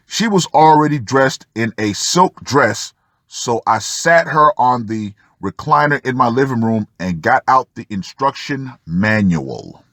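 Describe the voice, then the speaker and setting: A man reads a story aloud at an unhurried pace, and his pitch rises and falls in a lively way. He cuts in with dry, sarcastic remarks to the listener. The sound is close and dry. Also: dry recording. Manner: sardonic asides to the listener. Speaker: channel host reading an article. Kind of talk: reading a first-person article aloud with commentary.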